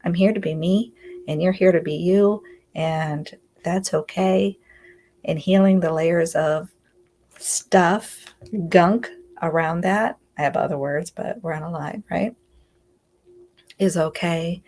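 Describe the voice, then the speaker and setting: A woman's voice: fairly low pitch, slow, darkish tone. A woman giving an earnest, confiding self-help talk on a live stream, often checking in with "right?". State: close to tears at times. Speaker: inner healing coach.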